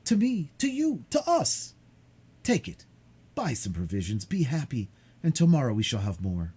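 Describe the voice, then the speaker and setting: A man reading aloud, voicing an eager, impulsive young sailor who speaks with excited emphasis. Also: mid-range voice, moderate pace, slightly rough, voice pushed up. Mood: joyful. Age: young adult.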